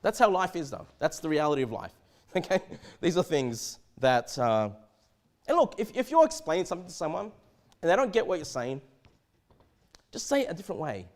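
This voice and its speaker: A man with an Australian accent preaching a sermon in a church, conversational and animated, often stammering and restarting his sentences. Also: a little high, a little fast. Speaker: pastor.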